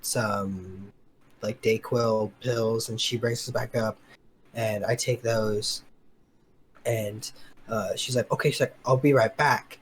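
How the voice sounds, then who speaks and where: A man's voice: lowish voice, fairly even intonation, takes it slowly, a little hiss or hum. Rambling young man telling a story. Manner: rambling, filler-heavy storytelling with acted-out quotes. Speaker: podcast co-host. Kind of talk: casual storytelling chat.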